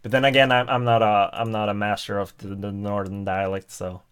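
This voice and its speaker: A Swedish-accented man from Sweden hosts a livestream, chatting casually with viewers while hesitating through many fillers and restarts. His voice sits on the low side, a bit bright and clean, delivered flatly at a brisk pace.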